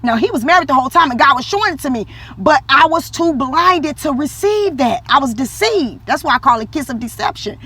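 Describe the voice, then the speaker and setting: A woman's voice: sits high, brisk. A woman telling a personal faith story in casual vlog talk, acting out quotes with animation. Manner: animated, acts out quotes in a lively voice, religious talk. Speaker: vlogger.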